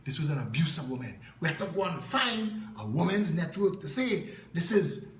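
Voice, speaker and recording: A man's voice: fairly high pitch, very animated, brisk, echoey room, slight background noise, poor audio. A Trinidadian man giving an impassioned political address, telling stories with punchy repetition. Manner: emphatic storytelling, punchy repetition. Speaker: political party leader.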